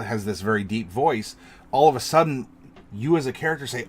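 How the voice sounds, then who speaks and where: A man's voice: mid-range voice, fast, slight background noise. A man hosting a casual tabletop game worldbuilding chat, talking loosely with many fillers and restarts. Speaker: game master and show host.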